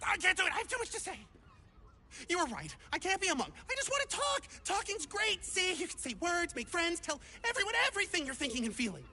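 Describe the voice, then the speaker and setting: A woman voicing an eager, chatty small male would-be adventurer in a video game, talking in an excitable, theatrical way. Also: very high-pitched, brisk, full character voice.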